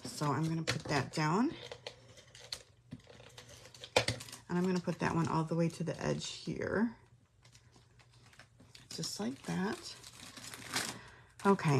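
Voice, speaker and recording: Speaking in a fairly low pitch, this middle-aged woman runs a relaxed craft class from her home craft room, talking and musing aloud as she works. There's slight background noise.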